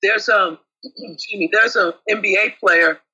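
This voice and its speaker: A man co-hosting a casual talk show, chatty and affectionate, with a husky voice. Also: high voice, unhurried, sharp tone, dull audio. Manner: chatty, calls co-host babe. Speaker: co-host. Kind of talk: casual chat.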